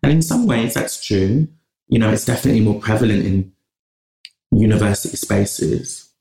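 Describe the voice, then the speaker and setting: This gravelly, passionate English man is a guest on a podcast interview, speaking in long runs and restarting often. His voice is fairly low, dark-toned and expressive, at a moderate pace, recorded with a roomy echo.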